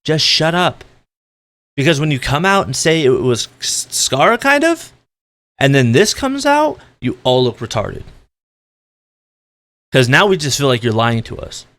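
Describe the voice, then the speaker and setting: A man's voice: medium pitch, huge pitch swings, moderate pace, a bit bright, no room sound. Guy ranting on his vlog, fed up and swearing a lot, normal mid voice. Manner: blunt, exasperated, profane. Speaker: esports commentator.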